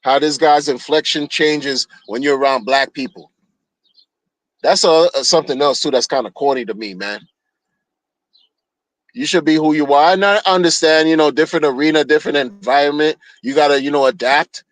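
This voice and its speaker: A man rants straight into a streaming mic at a moderate pace, blunt and casual, with lots of slang. He loops back and repeats himself along the way. His voice leans higher, and the sound is dry without any room echo.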